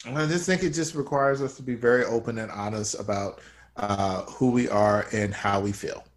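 A man doing improv comedy in an eager, excitable, rambling manner. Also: fairly low pitch, normal speed.

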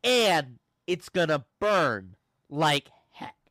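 A man with a high, bright voice tells a story on a podcast and slips into voices for the people in it. His delivery is animated and jokey. The sound is close and dry. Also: very slow, no echo. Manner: animated, acts out quoted people with shouts and laughs. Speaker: podcast host. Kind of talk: casual storytelling chat.

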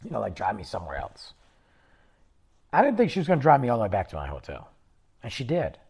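A man's voice: fairly low pitch, wildly swooping pitch, fast, creaky, a little mellow, husky. A man hosting a podcast, telling a long personal anecdote in a loose, rambling, casual way with plenty of fillers. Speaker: podcast host. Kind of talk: casual storytelling.

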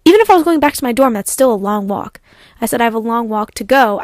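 A young woman with a somewhat high voice tells a story in a dry, close sound. She vents with animated exasperation as a podcast host and acts out her own replies. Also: brisk, no room sound. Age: young adult. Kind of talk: casual storytelling monologue.

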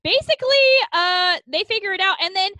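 Bright, high-voiced woman podcast host. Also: brisk, dry recording. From Central Valley of California. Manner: animated, acts out characters' lines. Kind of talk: casual chat recapping a movie. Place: at home, with her dog.

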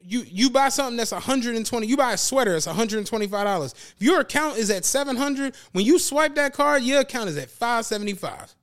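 A very high-pitched man talks at a quick pace with hardly any pauses. Co-hosting a podcast, he tells animated stories in casual chat, cursing freely and acting out quotes.

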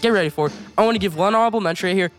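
Fast-talking excited sports show host man. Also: high voice, faint music behind. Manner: excited, rapid play-by-play recaps. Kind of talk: casual sports commentary.

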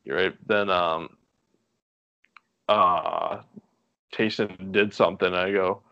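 A man in his twenties, a podcast guest, telling stories in a relaxed, rambling way with frequent laughs. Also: low-pitched, slow pace, creaky, dry recording, highs cut off. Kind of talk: casual storytelling chat.

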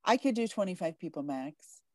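A woman's voice: on the low side, animated, fairly quick, dark tone, no room sound. A woman hosting an interview podcast, bubbly and gushing, laughing often as she chats. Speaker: podcast host. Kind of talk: casual interview chat.

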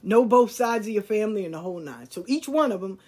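A woman's voice: medium pitch, expressive, fast talker, slightly rough. A woman, telling a personal story in a blunt, streetwise, emphatic way. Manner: blunt, streetwise, emphatic, swings between loud and hushed. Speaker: caller sharing a personal story.

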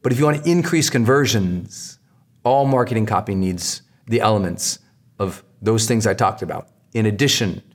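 A man hosting a podcast, giving a motivational marketing lesson in an energetic, emphatic way and repeating key phrases for effect. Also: on the low side, moderate pace. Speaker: podcast host teaching marketing. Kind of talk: motivational teaching talk.

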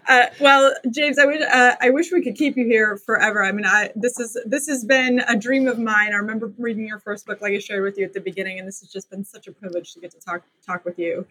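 A woman hosting a podcast interview, effusive and quick to laugh. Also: medium pitch, steady tone, breathy edge, low-quality recording. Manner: warm, effusive, laughs often. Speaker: podcast host.

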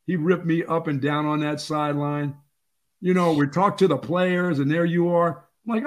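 An older man co-hosting a sports talk show, telling lively stories and acting out quotes. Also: a little high, moderate pace. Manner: animated storyteller, acts out quotes. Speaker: sports radio co-host.

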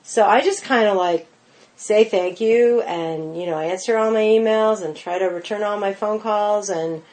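A woman chatting as a podcast guest in a mid-pitched voice. She tells animated stories in a loose, casual way, packed with "like" and "you know" fillers and quick acted-out quotes. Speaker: guest, pastry chef.

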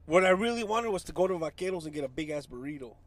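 A man's voice: a little high, animated, rapid-fire, no room sound. A man telling a profane, laugh-filled story in casual chat, acting out the voices of the people in it. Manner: profane, laughs often, acts out voices in his stories.

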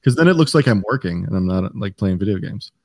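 A man's voice: fairly low pitch, animated, fast, no room sound, studio quality. Hesitant male podcast guest. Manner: hesitant, many ums and restarts. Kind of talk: casual podcast chat.

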